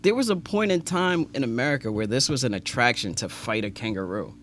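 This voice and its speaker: A man's voice: mid-range voice, expressive, a little fast, fairly bright tone, a little hiss or hum. Joking, swearing podcast co-host man. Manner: joking, swears freely, laughs often. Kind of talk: casual chat.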